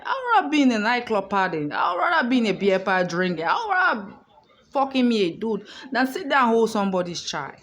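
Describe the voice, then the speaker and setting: A woman's voice: on the high side, big pitch swings, quick pace, a bit bright. Outspoken woman vlogger, emphatic. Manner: emphatic and outspoken, swears freely. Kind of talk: casual storytelling monologue. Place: hotel room.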